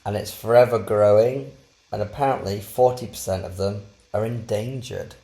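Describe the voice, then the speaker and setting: A woman's voice: extremely low pitch, steady tone, normal speed, mellow, rough recording. A woman co-hosting a podcast in casual chat, dry and teasing. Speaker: podcast co-host.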